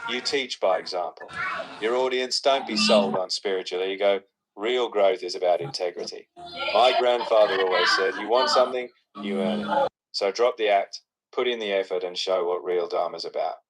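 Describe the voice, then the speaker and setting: A man's voice: low-pitched, normal speed, very noisy. A synthetic man's voice with an Australian accent, giving firm, preachy advice. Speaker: AI voice assistant.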